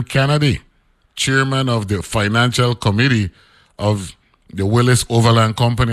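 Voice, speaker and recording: A man's voice: fairly low pitch, dry recording. A man, hosting a radio show and reading an old newspaper article aloud, breaking off into loose, chatty asides.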